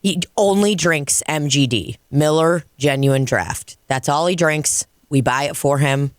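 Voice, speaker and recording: A woman comedian co-hosting a podcast, telling stories in a casual, profane, animated way. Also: sits low, unhurried, no room sound, studio quality. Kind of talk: casual podcast chat and storytelling. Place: dining room.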